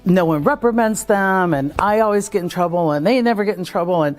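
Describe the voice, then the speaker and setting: A woman speaking about leadership at a conference, energetic and acting out the voices of the people she quotes. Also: on the low side, quick pace, hardly any pauses. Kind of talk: conference talk and vlog.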